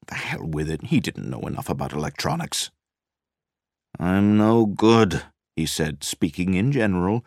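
A man narrating a story in a measured, dramatic reading style. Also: sits low, dry recording, clean studio sound. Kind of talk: scripted audiobook narration.

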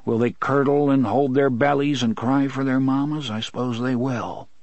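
A man's voice: mid-range voice, fairly even intonation, normal speed, darkish tone, dry recording, voice pushed up, natural voice. A man voicing a weary, resigned adult male cook in an audiobook.

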